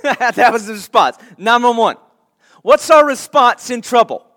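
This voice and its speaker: A man's voice: extremely high pitch, animated, unhurried, a bit bright. A man preaching a sermon to his church in a conversational way, laughing lightly now and then. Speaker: pastor.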